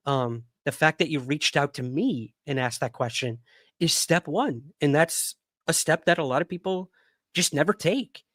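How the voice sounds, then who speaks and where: A man's voice: a little high, expressive, normal speed, a bit bright, dry recording. Chatty male livestream host, dry sound. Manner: chatty, rambling, with frequent fillers and laughs. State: hiccuping. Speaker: podcast host. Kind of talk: casual livestream chat.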